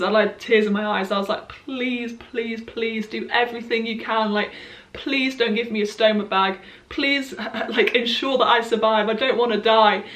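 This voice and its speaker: A young woman, telling a candid personal story in a casual, lively, self-mocking vlog way. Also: mid-range voice, roomy sound. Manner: lively, candid, quick to laugh at herself. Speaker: vlogger.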